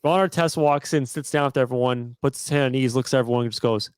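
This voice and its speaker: Here is a man co-hosting a casual sports chat, speaking at a middle pitch in a dry, close recording. He rambles in a laid-back way, filling his sentences with "like" as he goes. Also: fast, clean tone, no echo. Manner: relaxed, rambling, lots of "like" fillers. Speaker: podcast co-host.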